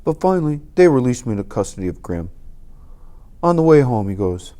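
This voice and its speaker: Audiobook reader, first-person narration, emphatic and lively, mellow tone. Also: mid-range voice, fairly quick. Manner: animated, emphatic storytelling.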